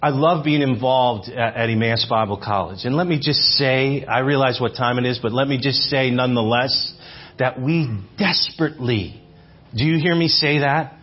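A man in his forties preaching a sermon in church, animated, repeating phrases for emphasis and asking the congregation questions. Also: medium pitch, moderate pace, dull audio. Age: 40s. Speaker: visiting speaker. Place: church sanctuary.

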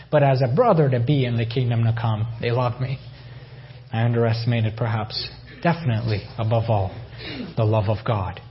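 A man's voice: medium pitch, lo-fi sound, a little hiss or hum. A man from Iran giving a personal faith testimony, telling his story with emotion and repeated phrases. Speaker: testimony speaker.

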